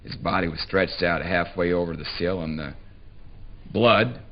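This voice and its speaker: A man's voice: low-pitched, moderate pace, muffled recording, slight background noise, close to an everyday voice. A man giving a live dramatic reading as a coarse, uneducated rural man from the South, telling his tale with an earthy, drawling relish. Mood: gleeful. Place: theatre stage before a live audience.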